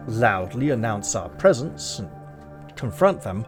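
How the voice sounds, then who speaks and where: A man reading a solo gamebook aloud with measured, dramatic narration and commenting on his choices as he plays. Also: mid-range voice, expressive. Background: music.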